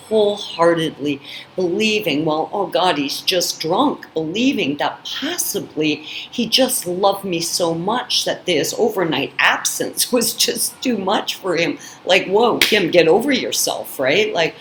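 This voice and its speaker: Woman, fairly low voice, emphatic storyteller, echoey room, faint noise. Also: lively intonation, slow pace, fairly bright tone. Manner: emphatic, frequent "you know" and "I mean". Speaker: channel host. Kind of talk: personal storytelling to camera.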